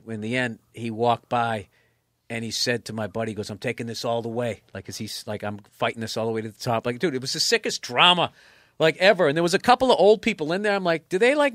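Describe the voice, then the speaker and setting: Profane, animated man telling a story. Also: mid-range voice, fast talker, dry recording, studio quality. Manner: animated, profane, jumps from mumbling to excited outbursts. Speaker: comedian guest. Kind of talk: casual podcast storytelling.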